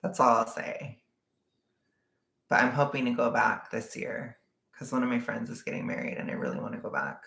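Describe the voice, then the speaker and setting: A woman's voice: very deep voice, sing-song, moderate pace, gravelly, a bit bright, reverberant. A woman from Southern California with a Californian accent, rambling in casual livestream chat with viewers, full of "like" and laughs. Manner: rambling, heavy use of "like", frequent laughs. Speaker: vlogger answering viewer chat.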